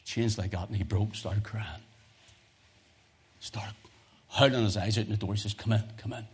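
A male preacher giving a sermon full of personal testimony stories, talking in an animated way that swings from loud emphasis to hushed tones. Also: on the low side, normal speed, slight background noise.

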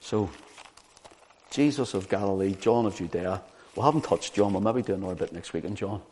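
A man preaching a sermon, teaching from the Bible in an animated way and often asking the listeners rhetorical questions. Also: low-pitched, a little fast, a little hiss or hum.

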